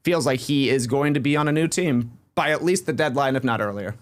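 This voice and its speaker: A man co-hosting a sports podcast, laying out his analysis in a steady, explanatory way. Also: mid-range voice, a little fast. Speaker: podcast co-host.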